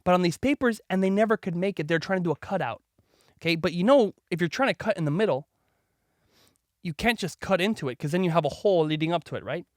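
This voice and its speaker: Animated storytelling man, dry close sound. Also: sits high, quick pace, dry recording. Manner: animated, acts out voices in his stories; chatty, frequent "like" and "right?". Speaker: podcast host. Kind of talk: casual storytelling to his daughter.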